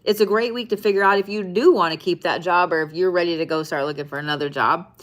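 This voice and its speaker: A woman's voice: lowish voice, fast. A woman giving a casual weekly zodiac card reading. She is blunt, swears often and repeats phrases for emphasis. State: tired, yawning. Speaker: zodiac and tarot reader.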